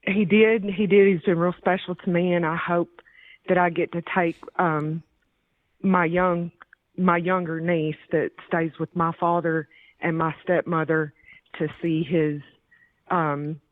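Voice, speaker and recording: A woman calling in to a radio show, speaking earnestly and haltingly, with polite thanks. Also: fairly low pitch, flat delivery, no room sound. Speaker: call-in listener. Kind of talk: phone call to a radio show. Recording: tinny phone line.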